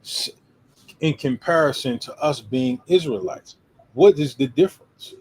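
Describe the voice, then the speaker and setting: Husky man making emphatic points. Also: medium pitch, measured pace, a little mellow, poor audio. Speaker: podcast co-host. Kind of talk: casual discussion.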